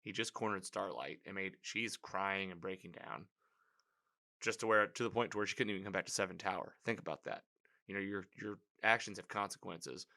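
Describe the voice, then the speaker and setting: Male recapper, somewhat low voice with a crisp, forceful edge; loose, chatty, reactive delivery. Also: brisk. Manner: rambling, filler-heavy, animated reactions. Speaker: TV episode recapper. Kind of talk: casual spoken episode recap.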